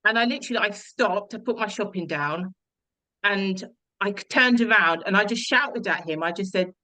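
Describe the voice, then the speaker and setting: A woman's voice: medium pitch, normal speed, bright, forceful tone, low-quality recording. A young woman telling her personal story as an interview guest, earnest and reflective, with frequent restarts.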